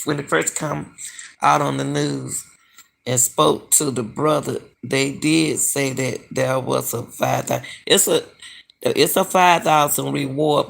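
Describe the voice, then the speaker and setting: A middle-aged woman with a deep, creaky voice hosts a casual live-stream for her commentary channel. She addresses viewers as "y'all" and questions what she's reading.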